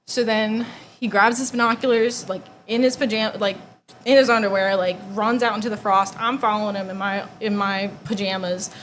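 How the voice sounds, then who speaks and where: A young woman shares a personal testimony in a casual, conversational way, saying "like" constantly and dropping almost to a whisper at the painful parts. Her voice is medium-pitched and a bit bright, with fairly even intonation and a moderate pace. The audio is poor, with a little hiss or hum.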